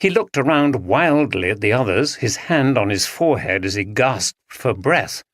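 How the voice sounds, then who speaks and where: A man reading a story aloud as an audiobook narrator, with expressive storytelling. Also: medium pitch, normal speed, dry recording, studio quality. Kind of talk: scripted narration.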